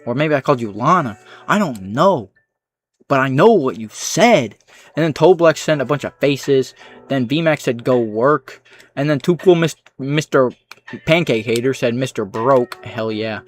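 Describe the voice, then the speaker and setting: Male streamer, reading chat aloud, deadpan sarcasm, mid-pitched voice, mumbled low-key asides. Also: normal speed, soft background music. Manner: dry, sarcastic replies. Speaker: livestreamer. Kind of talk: reading out live chat comments.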